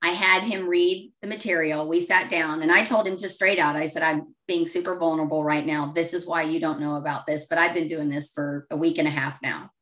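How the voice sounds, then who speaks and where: Client testimonial: woman, lower voice, heartfelt storyteller, slightly distant mic. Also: steady tone, a little fast, hardly any pauses, fairly bright tone. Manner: open, emotional storytelling. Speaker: coaching client. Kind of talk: testimonial interview.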